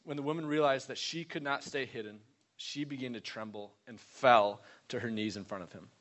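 A man's voice: medium pitch, fairly quick, fairly bright tone. A man preaching a conversational sermon, stressing points with repeated questions and short reading passages. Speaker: pastor.

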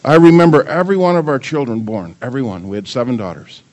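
Delivering a sermon at a quick clip, this older male pastor has a medium-pitched voice. He peppers the congregation with rhetorical questions, keeps the audience engaged with lots of questions, and trades jokes with his grandchildren in an animated way.

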